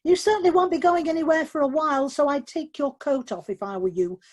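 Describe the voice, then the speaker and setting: A woman's voice: on the high side, normal speed, a little mellow, slightly rough. A woman voicing a flamboyant older man who loves brandy, in a jokey theatrical manner. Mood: wry.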